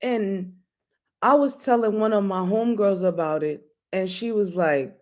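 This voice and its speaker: A woman's voice: medium pitch, unhurried, darkish tone. A woman hosting a casual live talk show, blunt and playful, laughing often and speaking straight to her viewers. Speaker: host.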